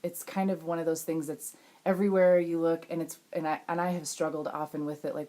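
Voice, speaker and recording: A woman's voice: fairly low pitch, normal speed, dark tone. A young woman talking candidly to camera in a casual vlog, rambling with frequent restarts. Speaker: vlogger.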